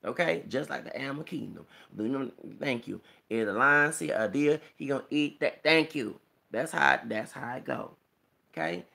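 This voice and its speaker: A man's voice: mid-range voice, lively intonation, fairly quick, vocal fry, sharp tone. A man vlogging a rambling, emphatic commentary monologue, preachy and quoting scripture, punctuated with rhetorical "okay?" and "hello!".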